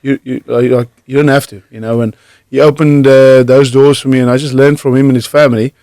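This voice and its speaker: A man with a South African accent softened by Irish sounds talks over a close, dry studio microphone. He tells his stories in a halting way, with many fillers and restarts, at a middling pitch. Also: fairly even intonation, no echo. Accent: South African with an Irish tinge. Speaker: guest, former rugby player. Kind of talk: relaxed storytelling in a radio interview. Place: radio studio.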